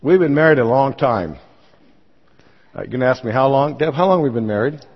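Folksy pastor in a reverberant church. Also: male voice, mid-range voice, animated, a little fast, slightly rough. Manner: folksy and self-deprecating, with many fillers. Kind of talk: church talk with personal testimony. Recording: dull sound, long church reverb.

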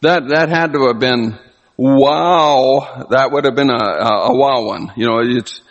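A man preaching a sermon, animated, often acting out the people he quotes. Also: medium pitch, a little slow, dull audio. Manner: animated, acts out quoted voices. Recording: long hall reverb.

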